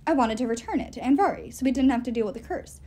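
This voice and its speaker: A woman reading a novel aloud in an expressive, animated storytelling way. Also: high voice, fast. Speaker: reader.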